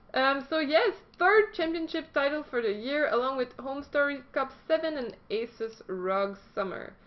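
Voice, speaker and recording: A chatty woman hosts a casual news vlog with a high, light voice. She reads her notes aloud, stumbling and joking at her own expense. The recording is dull and lo-fi. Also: animated, measured pace. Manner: chatty and self-deprecating, stumbles while reading. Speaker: esports news host.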